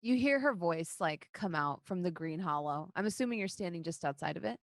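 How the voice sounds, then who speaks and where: Lady dm narrating a tabletop game, kinda low voice, easygoing. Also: expressive, brisk, dry recording. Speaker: dungeon master.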